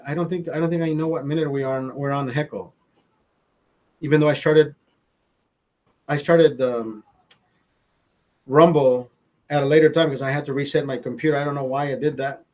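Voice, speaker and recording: On his live stream, a man with a higher-than-average, darkish voice rambles through a long tale in profane, offhand chat. He keeps repeating himself and interrupting his own sentences.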